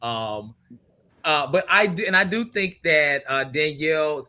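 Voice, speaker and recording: A man's voice: on the high side, lively intonation, measured pace, pushed and bright. A man on a chat panel, chatty and laughing between his points. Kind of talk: casual chat.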